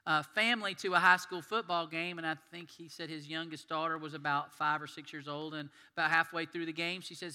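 A pastor delivers a sermon, telling a story with animation and voicing the characters in it. His voice sits on the high side, the pace is a little quick, and the sound trails off in a long reverb.

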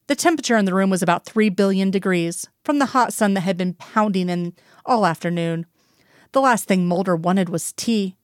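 A woman reading a fan-fiction story aloud in a steady storytelling voice. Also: mid-range voice, moderate pace, no echo, clean studio sound. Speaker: audiobook reader.

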